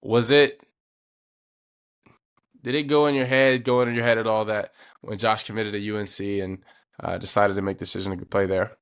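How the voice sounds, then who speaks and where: A man's voice: fairly low pitch, fairly even intonation, moderate pace, pauses often, smooth. A young man co-hosting a podcast, talking in a laid-back way and laughing easily. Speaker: podcast co-host. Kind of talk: casual chat.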